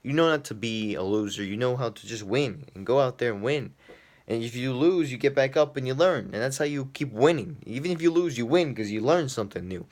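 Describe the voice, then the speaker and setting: An earnest young man delivers a rambling motivational monologue, stumbling over repeated words as he works out his thoughts aloud. His voice sits at an ordinary middle pitch for a man. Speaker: podcast host.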